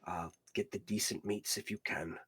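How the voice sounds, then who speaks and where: A man's voice: fairly low pitch, steady tone, husky. A man doing a forgetful old grandpa. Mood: gentle. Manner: halting, gentle, trails off.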